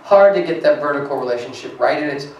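A man preaches in an earnest sermon, his fairly high voice climbing to emphatic peaks as he reads scripture. He sounds set back from the microphone in a big echoey church hall, with a faint hiss under him. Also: expressive, fast, recorded from a distance, lo-fi sound. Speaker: pastor. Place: church sanctuary.

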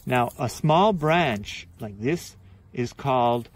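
A man's voice: mid-range voice, lively intonation, slow. A man from Quebec with a Quebecois French accent, hosting a casual explainer on soil and gardening, chatty and full of ums and restarts. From Quebec, Canada. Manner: chatty, many fillers and restarts. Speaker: gardening channel host.

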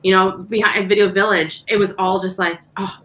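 Director lady gushing on a panel, laughs a lot, sharp bright sound. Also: mid-range voice, steady tone, fairly quick. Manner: enthusiastic and gushing, laughs while talking. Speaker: episode director guest. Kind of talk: casual panel chat.

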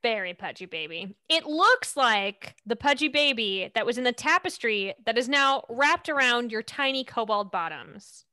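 A woman's voice: a little high, lively intonation, normal speed, few pauses, bright, forceful tone. A woman narrating a tabletop game as its game master, playful and amused.

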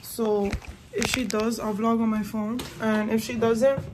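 High-voiced young woman vlogging, chatty. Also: flat delivery, unhurried, music in the background. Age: young adult. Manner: chatty, slangy, addresses viewers as y'all. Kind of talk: casual vlog chat to camera. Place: bedroom at home.

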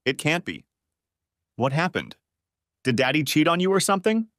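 A man's voice: a little high, very animated, moderate pace, fairly bright tone, dry recording, pitched above the performer's own voice. A man voicing a shocked adult son who turns curt with his mother, in a dry audiobook reading. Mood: upset.

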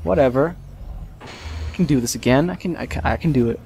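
A man hosting a let's play, commenting live on gameplay with excitable, frustrated outbursts and swearing. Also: mid-range voice, a little fast, creaky, a little hiss or hum.

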